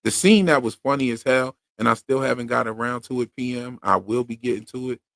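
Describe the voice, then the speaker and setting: A man with a Philadelphia accent talks casually on a livestream, loose and full of slang as he reads out viewer comments. His voice sits at an ordinary middle pitch. It is captured close and dry, with almost no room sound. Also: brisk, gravelly, fairly bright tone, dry recording. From Pennsylvania. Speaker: podcast co-host.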